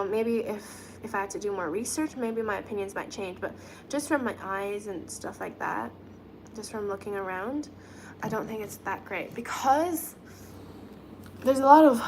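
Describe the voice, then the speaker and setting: A woman hosting a casual live stream, chatting and giggling while she does her nails and thinks out loud. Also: mid-range voice, background noise. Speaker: livestream host reading chat.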